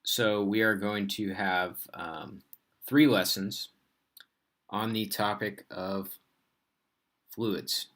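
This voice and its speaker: Casting: male teacher, lowish voice, unhurried, chatty delivery with lots of ums. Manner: casual, filler-heavy, relaxed explaining. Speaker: physics teacher. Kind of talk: recorded lesson.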